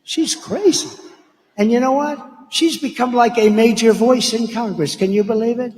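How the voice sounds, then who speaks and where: A man's voice: very high voice, normal speed, a little mellow. A man speaking as a political candidate at a campaign rally, blunt and rambling, full of asides and name-calling. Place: large rally venue. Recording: echoey rally hall reverb.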